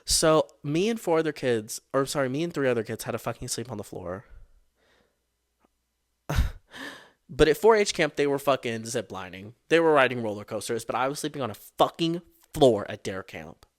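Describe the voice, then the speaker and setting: A man's voice: mid-range voice, lively intonation, moderate pace. A young man hosting his own podcast, retelling a childhood story in a casual, profane and exasperated way. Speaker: podcast host.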